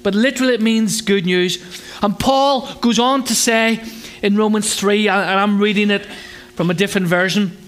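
A man's voice: steady tone, normal speed, fairly bright tone. A man preaching a conversational sermon with humour, asking his congregation rhetorical questions and acting out children's voices. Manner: acts out children's voices in a higher pitch. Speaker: pastor.

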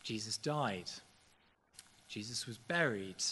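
A man preaching a sermon in a church service, earnest and measured, with occasional fillers. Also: fairly low pitch, lively intonation, sharp tone, a little hiss or hum.

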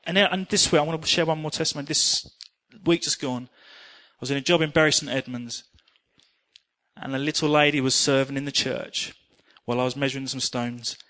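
Earnest preacher telling a testimony. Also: male voice, mid-range voice, brisk. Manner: animated storytelling, earnest. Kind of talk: sermon with personal testimony.

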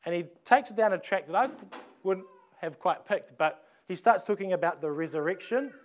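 A man's voice: high voice, moderate pace. A man, preaching a sermon in a conversational way, often restarting phrases and asking rhetorical questions. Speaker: pastor.

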